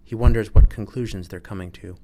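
A man reading a story aloud in an even, measured manner. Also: fairly low pitch, a little hiss or hum. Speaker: narrator. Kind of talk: audiobook narration.

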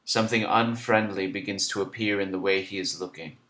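Male narrator, somewhat low voice, measured introspective literary reading. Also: fairly even intonation, a bit bright. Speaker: storyteller. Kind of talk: literary first-person narration.

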